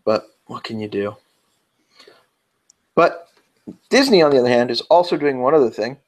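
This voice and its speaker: A man with a New York accent, co-hosting a casual round-table podcast. He talks at a middle pitch in a chatty, rambling way and often doubles back mid-sentence. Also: animated, normal speed. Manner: chatty, rambling, self-interrupting. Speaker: podcast co-host.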